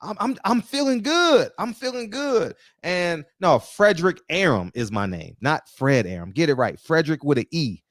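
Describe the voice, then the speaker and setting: A man's voice: a little high, big pitch swings, normal speed, few pauses, fairly bright tone, no room sound, studio quality. A man hosting a live call-in show, talking brash, profane and amped up in casual chat.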